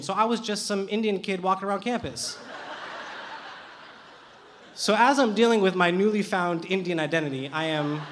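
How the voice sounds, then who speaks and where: High-voiced young man telling a story onstage. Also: a little hiss or hum. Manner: lively, animated, comic timing. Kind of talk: live personal storytelling onstage. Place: theater stage with audience.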